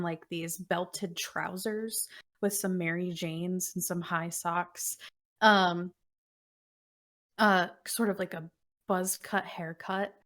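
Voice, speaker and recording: A woman narrating a tabletop game as game master, describing scenes in an unhurried way. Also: on the low side, fairly bright tone.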